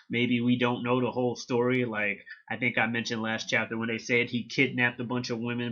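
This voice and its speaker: A man casually recapping and reviewing a manga chapter, excited and slangy, swearing freely. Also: mid-range voice, muffled recording.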